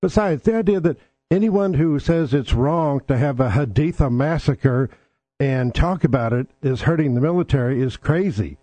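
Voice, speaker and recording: Hosting his own podcast, he talks casual politics with a combative, blunt edge and lots of swearing. His voice is on the high side and mellow, at a moderate pace, with no echo.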